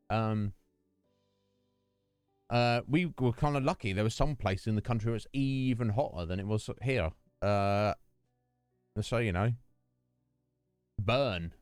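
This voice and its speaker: A British man streaming a game, musing aloud to his viewers in a relaxed, rambling way with plenty of ums and restarts. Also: lowish voice, smooth, dry recording. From United Kingdom. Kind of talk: casual chat during a game stream.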